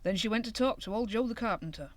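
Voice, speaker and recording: A woman's voice: on the high side, fast talker, no room sound, lightly acted. A woman voicing a weary, motherly old countrywoman hedgehog in a storybook, with homely rustic speech.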